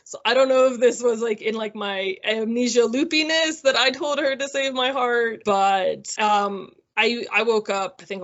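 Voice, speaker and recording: A woman's voice: on the high side, fairly bright tone, highs cut off. A woman in her thirties telling her own story in a casual, chatty way, with many fillers and easy laughs. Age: 30s. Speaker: interviewee.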